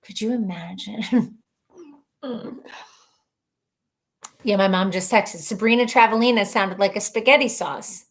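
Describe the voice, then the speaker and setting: Woman, live-stream host, casual chat, rambling, laughs a lot, mid-pitched voice. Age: adult mother of children. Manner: chatty and rambling, laughs often, thinks out loud. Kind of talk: casual live-stream chat, reading viewer comments aloud.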